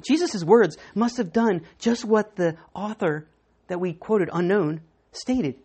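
A woman pastor preaching a sermon, emphatic, often repeating words and swinging between loud and hushed. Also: medium pitch, slow, husky.

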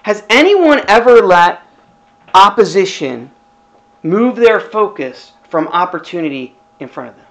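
A man's voice: high-pitched, big pitch swings, a little slow, rough recording. Middle-aged male pastor, casual sermon delivery, rhetorical asides. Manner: conversational preaching with rhetorical questions.

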